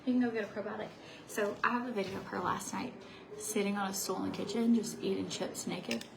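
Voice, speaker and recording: Chatty woman with a gravelly edge. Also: medium pitch, fairly even intonation, fast talker, noisy background. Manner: chatty, sometimes drops to a whisper. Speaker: beauty vlogger. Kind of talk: casual get-ready-with-me chat.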